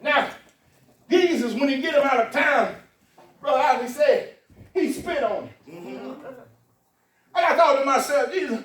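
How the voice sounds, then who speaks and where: Man, pastor, high voice, shouted preaching, distant mic, church music and crowd behind. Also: lively intonation, measured pace, long pauses. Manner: shouting call-and-response preaching, folksy storytelling. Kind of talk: preaching sermon. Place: church sanctuary. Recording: echoey church with organ and congregation, mic far off.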